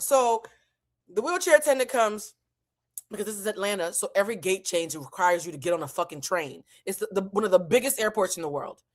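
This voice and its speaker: A woman hosting her channel, telling a story in an animated, profane, dramatic way. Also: on the high side. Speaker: host. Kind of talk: casual comedic storytelling.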